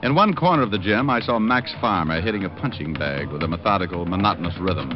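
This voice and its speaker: An actor playing a wisecracking private detective who narrates and trades dry, sarcastic quips, in 1950s radio drama style. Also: male voice, deep voice, lively intonation, fast talker. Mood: wry. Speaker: narrator and lead. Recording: dull lo-fi old radio recording with music behind.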